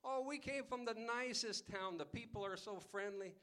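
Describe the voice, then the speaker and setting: A man's voice: sits high, moderate pace, pushed and bright, pitched above the performer's own voice. A man voicing a cheerful male traveler who gushes about his hometown. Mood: gushing. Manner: gushing, upbeat.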